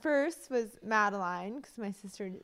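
A woman's voice: medium pitch, lively intonation, measured pace, a bit bright, clean tone. A woman chatting casually as a podcast guest, playful and jokey. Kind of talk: casual chat.

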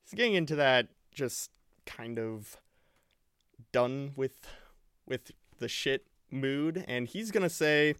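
A man's voice: mid-range voice, expressive, slow pace, a bit bright, clean tone, no echo, clean studio sound. A man playing a tabletop role-playing game, talking casually and a bit hesitantly about his character.

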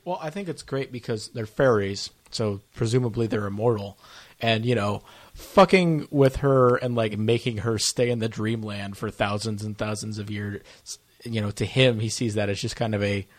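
A man's voice: fairly low pitch, moderate pace. A man co-hosting a casual podcast, explaining his take on a story, swearing and laughing mid-sentence. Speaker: podcast co-host. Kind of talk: casual chat.

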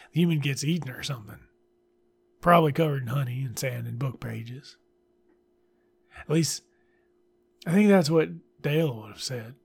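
A man's voice: medium pitch, creaky, breathy edge. A man reviewing a book in casual commentary, blunt and sarcastic, swearing freely.

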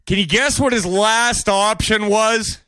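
Man, high voice, dry close sound, sarcastic commentary host, mocking rhetorical questions. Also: a little slow, smooth, dry recording. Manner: bursts into exaggerated shouted impressions. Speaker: podcast host. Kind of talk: opinionated commentary monologue.

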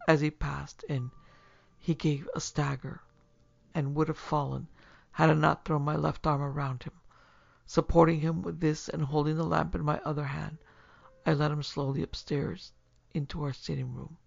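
Gravelly male audiobook narrator. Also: on the high side, no echo. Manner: steady, measured storytelling. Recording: slightly muffled with faint music.

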